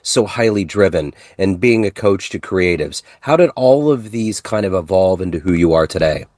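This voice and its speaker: Low-voiced male interview host. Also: animated, normal speed, darkish tone, no room sound, clean studio sound. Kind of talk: interview questions.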